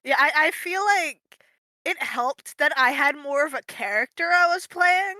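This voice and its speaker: A woman's voice: high-pitched, lively intonation, unhurried, bright, forceful tone, no room sound. A young woman guesting on a live stream, telling stories in a chatty way and swearing freely. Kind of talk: casual interview chat.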